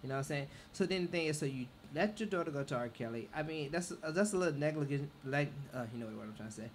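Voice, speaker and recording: A man's voice: fairly high pitch, expressive, fast talker, slight background noise. A man co-hosting a radio talk show, giving his opinion in an emphatic way.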